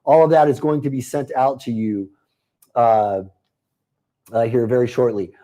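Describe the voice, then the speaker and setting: A man hosting a live webinar, pitching a marketing program in a chatty, upbeat way and answering viewers by name. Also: a little slow, warm tone.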